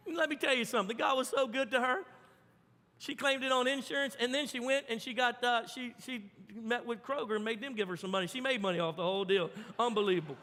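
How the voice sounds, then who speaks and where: A man preaching a sermon as pastor, telling stories with big swings from loud to hushed. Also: very high-pitched, quick pace. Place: church sanctuary. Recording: long hall reverb.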